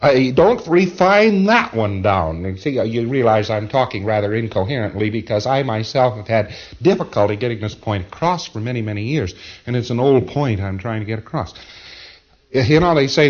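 A man of middle pitch lectures a class in a loose, rambling way, hammering his points with repeated words. His voice swoops up and down with animated emphasis. The sound is dull and muffled, like an old tape recording. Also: normal speed. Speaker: lecturer to auditors.

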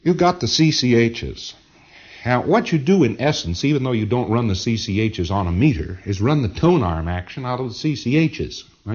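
A man's voice: medium pitch, dull audio. A man giving a lecture to a class of trainees, emphatic and rambling, often repeating words and restarting. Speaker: lecturer to auditors. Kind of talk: recorded lecture.

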